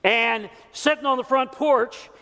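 A man's voice: very high voice, measured pace, sharp tone. A male pastor preaching a sermon, earnest and folksy, with scripture and homespun stories. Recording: long church hall reverb.

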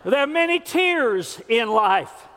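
A man's voice: very high voice, very animated, takes it slowly, bright, forceful tone. A male pastor preaching a sermon, earnest and folksy, with scripture and homespun stories. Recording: long church hall reverb.

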